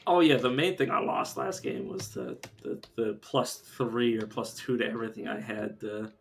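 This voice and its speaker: A man's voice: lowish voice, lively intonation, normal speed, creaky, a little hiss or hum. A man streaming a game live, talking casually and thinking aloud as he plays. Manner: muttering and thinking aloud while playing. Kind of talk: casual live gameplay commentary.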